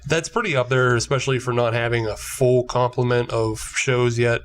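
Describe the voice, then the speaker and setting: Man, podcast co-host, casual banter, frequent laughs, self-mocking, average pitch. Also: fairly even intonation, normal speed. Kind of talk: casual chat.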